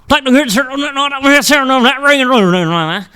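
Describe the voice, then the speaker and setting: A man putting on a loud, mocking caricature of a thick Southern drawl. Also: extremely high pitch, animated, normal speed, clean tone, pitched above the performer's own voice, heavily acted. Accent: exaggerated Southern US drawl.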